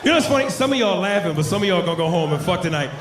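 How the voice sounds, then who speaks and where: A man performing a live stand-up comedy routine, loud and animated, shouting his punchlines and slipping into silly voices. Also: sits high, very fast. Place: comedy club stage. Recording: roomy live venue with audience noise. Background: audience laughter.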